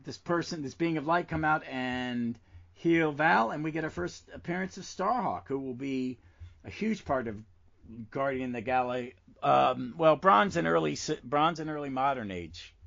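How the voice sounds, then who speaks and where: A man co-hosting a casual podcast chat about comics, talking with enthusiasm and reading lines aloud slowly for effect. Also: fairly high pitch, expressive, gravelly, fairly bright tone. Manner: enthusiastic, reads comic dialogue aloud with slow emphasis. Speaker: podcast co-host. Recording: dull lo-fi podcast audio.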